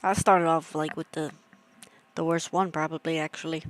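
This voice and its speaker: A woman's voice: deep voice, level tone, normal speed, no echo. A young woman streamer chatting casually with her viewers, rambling and laughing at her own jokes. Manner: chatty, rambling, self-amused, talks to chat. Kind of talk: casual livestream chat.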